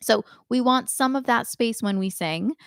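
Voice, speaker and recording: A woman's voice: fairly high pitch, moderate pace, gravelly, a bit bright, dry recording, clean studio sound. A young adult woman teaching a live online singing lesson, explaining in a friendly way with frequent ums and short sung demonstrations.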